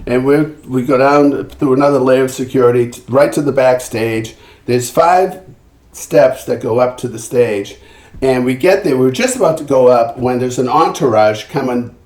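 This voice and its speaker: Older male singer-songwriter guest, mid pitch, animated storyteller, roomy echo. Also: normal speed. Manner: animated anecdotes with acted-out quotes and frequent restarts. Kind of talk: storytelling in a podcast interview.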